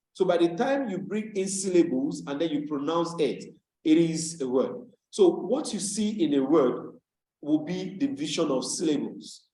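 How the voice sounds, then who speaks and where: A male tutor gives an online lesson, speaking in a slightly high voice and patiently repeating key terms so students catch them. The sound comes through a video call from a room with a noticeable echo. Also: darkish tone. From Nigeria. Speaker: English tutor.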